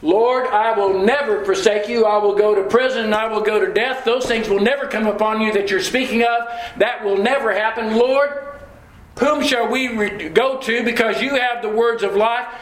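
A fervent apostle Peter, a grown man declaring himself in the first person, as a male preacher puts him on. The voice sits high and rings through an echoey room. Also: normal speed, natural voice.

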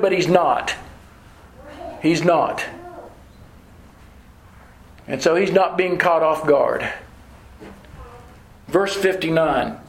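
A man preaching a sermon with deliberate, repetitive emphasis. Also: on the high side, echoey room, low-quality recording.

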